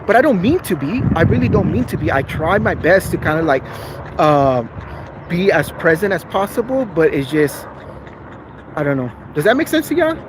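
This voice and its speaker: A man's voice: a little high, very animated, normal speed, background noise. A man in a casual livestream chat with viewers, chatty, earnest and apologetic. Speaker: vlogger.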